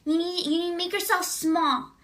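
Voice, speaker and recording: A woman imitating a small, wise little girl who gently and earnestly gives advice. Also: extremely high pitch, fairly even intonation, moderate pace, pitched above the performer's own voice.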